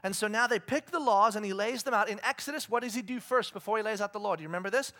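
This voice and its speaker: A pastor preaching a sermon in an animated way, asking the listeners questions and acting out voices in the story. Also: male voice, high voice, racing. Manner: animated, asks the crowd questions; acts out God and the people in quoted voices.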